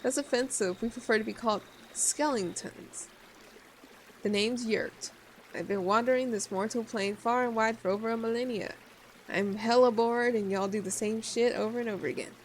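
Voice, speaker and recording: A woman's voice: a little high, steady tone, moderate pace, a little hiss or hum, natural voice, low-quality recording. Woman voicing a bored ancient skeleton. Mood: lofty. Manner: lofty, archaic, then slangy.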